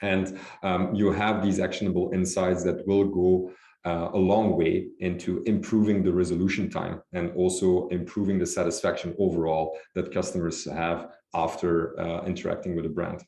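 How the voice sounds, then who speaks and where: A man, a company executive, answering interview questions in a measured way with frequent fillers and restarts. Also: low voice, level tone, mellow, roomy sound. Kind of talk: business interview.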